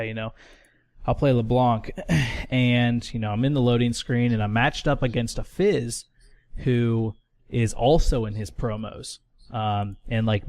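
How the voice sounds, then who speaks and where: A man's voice: mid-range voice, darkish tone, no room sound. A man co-hosting a casual podcast, telling a long story with lots of fillers, restarts and swearing. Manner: rambling, swears a lot, many fillers and restarts. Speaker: podcast co-host.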